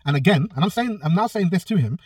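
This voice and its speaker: A man's voice: sits high, animated, fast, a little mellow, husky, no echo, far from the mic. A man, a personal trainer telling a story in a casual vlog, blunt and swearing freely. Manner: blunt, swears a lot, acts out both sides of a quarrel.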